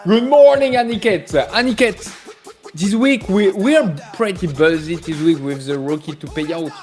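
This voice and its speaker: A man's voice: sits high, normal speed, a little mellow, faint music behind. A man with a French accent hosting a live trading stream, chatting casually, joking and greeting viewers by name. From France. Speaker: livestream trading host.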